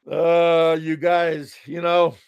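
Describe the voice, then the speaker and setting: A man's voice: on the high side, clean tone, dry recording. A middle-aged American man vlogging, rambling through a humorous monologue, stammering and repeating his words with frequent chuckles. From United States. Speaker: expat vlogger.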